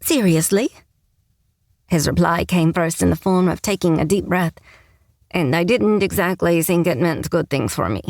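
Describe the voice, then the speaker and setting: Gravelly, low-voiced woman reading a romance. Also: normal speed, a little mellow, no room sound, studio quality. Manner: wry, sarcastic first-person narration. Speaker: audiobook narrator. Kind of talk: first-person romance audiobook narration.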